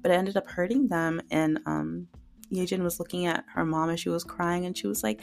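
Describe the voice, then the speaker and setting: A woman podcast host talks through drama episodes in a casual, heartfelt ramble. Her voice sits low with some vocal fry. Soft music plays faintly underneath. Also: fairly even intonation, moderate pace. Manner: chatty, emotional, many fillers and "like". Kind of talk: casual solo recap.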